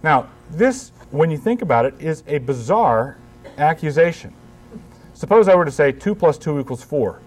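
A man's voice: on the high side, expressive, moderate pace, soft background music. A man speaking as a pastor at a conference, conversational and emphatic, with wry humor and frequent restarts. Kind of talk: conference talk.

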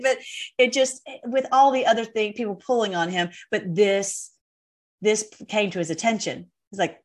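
A woman host talking casually to her viewers, rambling and emotional with deep thanks. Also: fairly quick. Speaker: online video host. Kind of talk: casual direct-to-camera talk.

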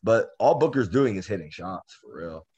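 A low, slightly husky man talking about basketball games. His pitch swings widely as he tells stories in loose, slangy speech. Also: normal speed. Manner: animated, slangy storytelling. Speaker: podcast co-host. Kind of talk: casual basketball chat.

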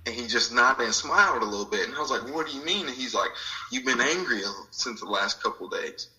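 A man's voice: medium pitch, brisk, sharp tone, poor audio. A man sharing a personal spiritual story in an interview, reflective and acting out the voices of people he quotes. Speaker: guest.

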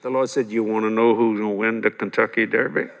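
An older man preaching a sermon, telling stories in a lively way with frequent chuckles and repeating his key points. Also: on the low side, quick pace, vocal fry. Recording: long hall reverb.

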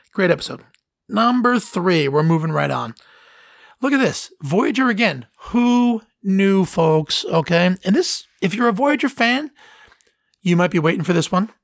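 A man's voice: fairly high pitch, gravelly, fairly bright tone, dry recording, studio quality. A man hosting a podcast in casual chat, rambling and enthusiastic with lots of fillers and restarts. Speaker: podcast host.

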